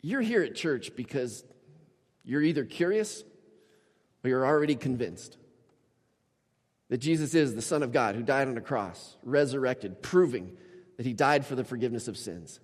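A man preaching a sermon as a pastor, storytelling with animated shifts and acting out the people he quotes. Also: medium pitch, moderate pace, pauses often, breathy edge. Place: church. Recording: church hall with long reverb.

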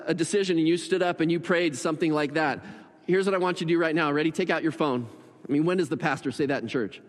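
Earnest high-voiced pastor in a hall. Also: male voice. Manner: earnest, pleading, slows down in prayer. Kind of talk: sermon altar call and prayer. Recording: long hall reverb.

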